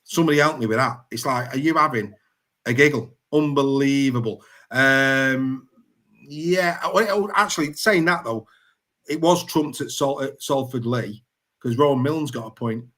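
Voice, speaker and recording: Jokey male podcast host, bright clear voice, animated casual banter, mid pitch. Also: normal speed. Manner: jokey, animated, laughs often. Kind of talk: casual sports chat.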